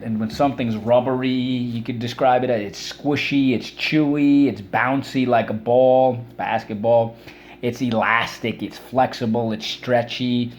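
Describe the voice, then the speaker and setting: A man's voice: mid-range voice, a little mellow, slight background noise. Patient man teaching a vocabulary lesson. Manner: patient, explains words with many examples and restarts.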